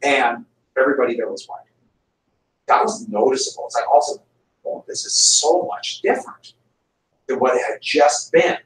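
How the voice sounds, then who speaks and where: A middle-aged American man teaching a history class, telling stories in an animated, joking way. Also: medium pitch, normal speed. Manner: animated, jokey storyteller with laughs. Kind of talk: classroom lecture with storytelling. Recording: roomy classroom audio from a distance.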